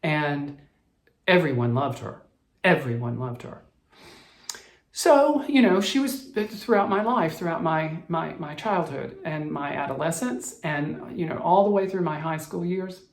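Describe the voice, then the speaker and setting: In a roomy recording, a cross-stitch vlogger from the American South shares a childhood memory in a slightly high, animated voice. He keeps a measured pace with hardly any pauses, yet he rambles, restarts often, reflects, and is sometimes choked up with emotion.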